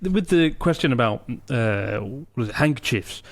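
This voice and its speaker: A man co-hosting a podcast, answering listener questions in a relaxed, wry, chatty way. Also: medium pitch, normal speed, no echo. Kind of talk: casual podcast chat.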